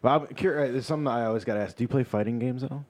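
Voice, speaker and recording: A man's voice: medium pitch, racing, a little mellow. A man hosting a casual podcast chat, talking eagerly and at length about his favorite games.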